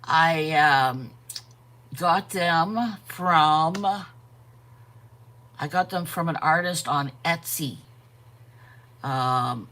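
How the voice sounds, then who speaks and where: A woman hosting a live art stream, chatting casually, greeting viewers by name and pausing to yawn and correct herself. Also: extremely low pitch, a bit bright, slightly rough. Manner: frequent yawns and self-corrections. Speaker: art channel host.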